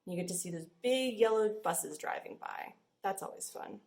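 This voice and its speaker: A woman's voice: mid-range voice, moderate pace, gravelly, a little mellow, a little hiss or hum. A young woman librarian leading a children's storytime, bubbly and sing-song. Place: library room. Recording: echoey room.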